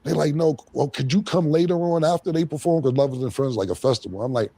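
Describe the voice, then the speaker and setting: A man with a gravelly, fry-heavy voice tells a story at an easy pace. He slips into the other people's lines in the phone calls he is recounting. The sound is dry and close. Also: fairly high pitch, quick pace, few pauses, mellow, dry recording. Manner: laid-back, acts out both sides of phone calls. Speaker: rapper telling a story on a played clip. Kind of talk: casual storytelling.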